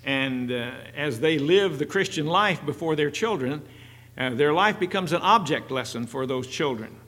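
A man preaching a sermon in an earnest, halting way, with frequent fillers. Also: on the high side, expressive, a bit bright. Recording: long hall reverb.

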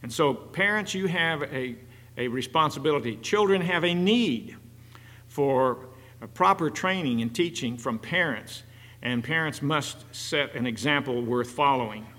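A man preaching a sermon in an earnest, halting way, with frequent fillers. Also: a little high, lively intonation, bright, forceful tone. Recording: long hall reverb.

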